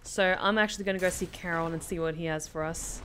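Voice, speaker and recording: A woman streaming a video game, chattily thinking aloud and reacting excitedly. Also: lowish voice, fast talker, slight background noise. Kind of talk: live game commentary.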